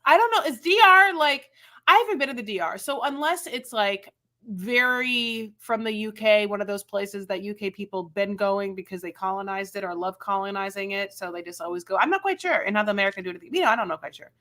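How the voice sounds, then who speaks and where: A woman's voice: medium pitch, lively intonation, fairly quick, sharp tone. A woman co-hosting a casual recap chat, rambling loosely with lots of fillers and laughs. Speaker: podcast co-host.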